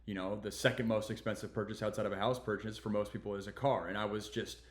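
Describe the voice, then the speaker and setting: A man's voice: on the low side, flat delivery, quick pace. Man co-host, reflective and explanatory, casual talk, echoey room. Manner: reflective, explains his reasoning, repeats words. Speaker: podcast co-host, host's husband. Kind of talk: casual conversational storytelling.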